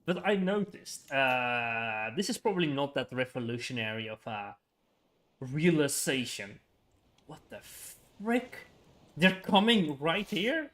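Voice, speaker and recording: A man's voice: mid-range voice, sing-song, slow pace, fairly bright tone. A young man chatting casually on a gaming livestream, rambling with frequent chuckles and filler words.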